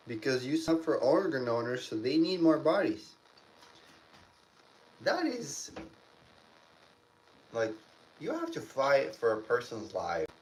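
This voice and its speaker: A man's voice: mid-range voice, darkish tone. A man, a father rambling through stories on a casual livestream, with many restarts. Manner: rambling, restarts a lot, emotional storytelling. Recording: distant mic with faint room noise.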